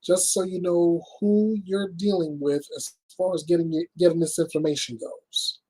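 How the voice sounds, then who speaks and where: Blunt, husky-voiced male news host. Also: high-pitched, level tone, darkish tone. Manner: blunt, emphatic, deliberate. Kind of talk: blunt news commentary and reading.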